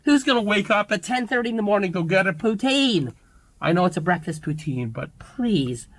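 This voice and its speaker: Grumpy, bright-voiced food reviewer. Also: medium pitch, expressive, moderate pace, dry recording, rough recording. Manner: grumpy, complaining.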